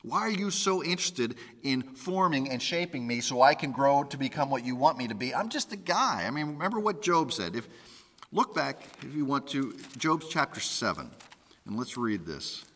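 A man's voice: medium pitch, sing-song, normal speed, fairly bright tone, a little hiss or hum. A man preaching a conversational sermon, voicing the pleas of scripture figures. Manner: conversational, with restarts and quoted pleas to God. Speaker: pastor. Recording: reverberant hall.

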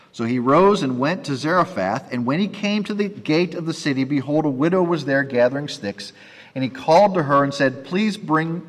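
A man giving a sermon and reading scripture aloud, breaking off for conversational asides to his listeners. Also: medium pitch. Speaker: preacher teaching from scripture. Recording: long reverb of a hall.

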